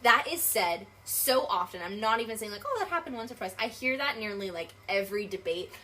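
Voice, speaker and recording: A woman's voice: medium pitch, animated, brisk, pushed and bright, slight background noise. A young adult woman talking animatedly as an interview guest, emphatic and full of fillers. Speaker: guest, accessibility advocate. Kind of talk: casual interview talk.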